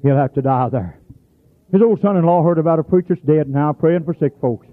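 A man preaches a folksy storytelling sermon, his voice sitting a little high for a man. He swings from plain talk into sudden shouts. The sound is tinny and narrow, like an old radio broadcast heard over a phone. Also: a little fast.

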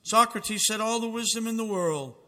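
A man's voice: sits high, moderate pace, bright, forceful tone, in a large hall. A man preaching a fervent sermon, reading out dramatic quotations with emphasis.

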